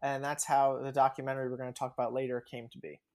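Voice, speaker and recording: Young adult guest, casual chatty storyteller, laughs a lot, mid-pitched voice. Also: little pitch movement, quick pace, a little mellow. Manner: chatty, laughs often, many fillers. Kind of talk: casual podcast interview.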